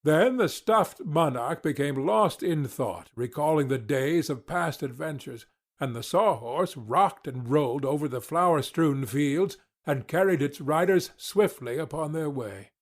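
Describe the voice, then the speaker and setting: A man narrating a children's fairy tale audiobook in a calm, even storytelling manner. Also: fairly high pitch, measured pace.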